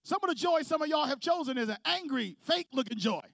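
A man's voice: extremely high pitch, expressive, quick pace, gravelly, hardly any pauses, fairly bright tone, dry recording, clean studio sound. A male pastor preaching a sermon to his congregation, calling for responses and building intensity. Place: church sanctuary with congregation.

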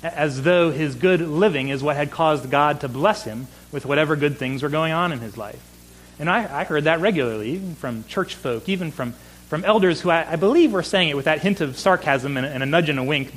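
A man's voice: a little high, lively intonation, fairly quick, rough recording. A man preaching a sermon, earnest, often repeating words for emphasis. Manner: earnest, repeats words when stressing a point. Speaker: pastor.

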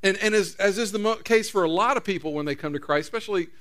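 A man's voice: high-pitched, fast, fairly bright tone. A man preaching a sermon as pastor, in a conversational storytelling way with repeated restarts.

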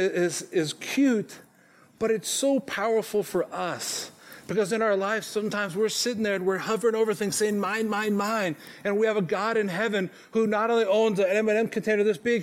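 A man's voice: high voice, fairly quick. A man in his forties preaching a sermon to his congregation in a church, talking in a conversational, self-deprecating way and often checking in with "okay?". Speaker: pastor. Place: church sanctuary.

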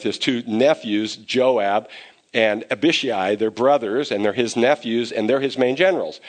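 Animated conversational male pastor. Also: mid-range voice. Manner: conversational, animated when acting out scenes. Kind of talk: sermon.

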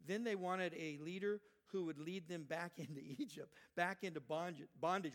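An older male pastor delivers a sermon in a high-pitched, emphatic voice. He swings between loud, urgent quotations and soft, earnest asides to his congregation. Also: normal speed. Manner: emphatic, rising loud when quoting, dropping soft for asides.

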